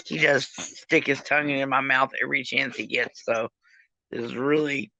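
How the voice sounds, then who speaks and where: A tipsy woman hosting a live chat, rambling and sweet with a crude streak. Her voice is gravelly and bright, her pace slow and loose, and the sound is dry and close to the mic. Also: rumbling low, fairly even intonation, no echo. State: drunk.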